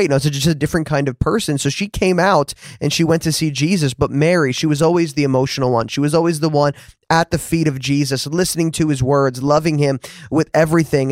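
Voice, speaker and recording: A man's voice: on the high side, brisk, dry recording. A man hosting a Christian podcast, teaching on scripture in an earnest, conversational way, often checking in with "okay". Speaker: podcast host and Bible teacher.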